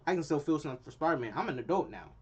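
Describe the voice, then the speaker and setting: A man's voice: a little high, rapid-fire, slightly rough. Young man ranting in slang. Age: young adult. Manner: animated, repetitive, slangy. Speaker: channel host. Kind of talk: casual opinion rant.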